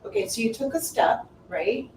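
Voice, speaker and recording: A woman's voice: fairly high pitch, normal speed, a little mellow. A woman hosting a spiritual talk who speaks emphatically and repeats words to drive her points home. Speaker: host. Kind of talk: spiritual teaching chat. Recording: echoey room, mic at a distance, faint noise.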